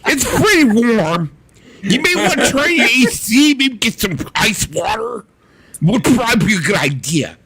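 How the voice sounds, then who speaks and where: A man doing a shrill, shouty voice-assistant impression. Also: big pitch swings, unhurried, gravelly, slightly rough, exaggerated voice. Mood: exaggerated. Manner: shouted, high-pitched, singsong delivery. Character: man's loud high impression of a friend as a chatty voice assistant.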